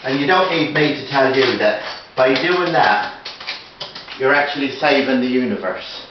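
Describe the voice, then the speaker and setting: A man hosting a comic DIY video, rambling in a deadpan, mock-serious way. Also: medium pitch, a little slow. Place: indoors at a fireplace under repair. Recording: echoey, distant, muffled, noisy.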